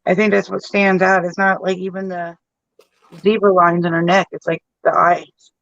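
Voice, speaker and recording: A man's voice: high voice, level tone, moderate pace, gravelly, fairly bright tone, lo-fi sound. A man chatting casually while face painting, rambling with lots of fillers.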